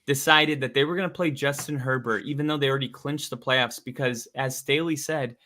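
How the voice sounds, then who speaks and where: A man co-hosts a casual sports podcast with a bright, forward tone. He tells stories with energy and acts out what other people say. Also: mid-range voice, brisk. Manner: animated storytelling, acts out quotes. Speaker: podcast co-host.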